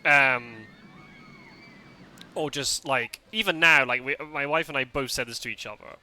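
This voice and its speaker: A man's voice: mid-range voice, a little slow, pushed and bright. A Scottish man streaming a game live, chatting casually with his viewers, often laughing and restarting his sentences. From Scotland.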